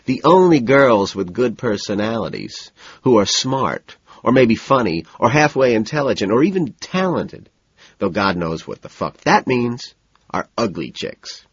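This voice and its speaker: A man's voice: medium pitch, big pitch swings, unhurried, husky, no room sound, highs cut off, voice pushed up, exaggerated voice. A man voicing a brash, crude young male banker who speaks emphatically and scornfully, in an audiobook. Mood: emphatic.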